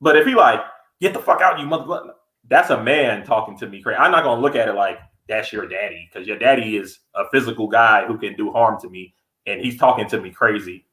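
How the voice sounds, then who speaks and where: A man co-hosting a podcast in casual chat, blunt and animated, acting out heated quotes. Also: fairly low pitch, brisk, reverberant, poor audio. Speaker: podcast co-host.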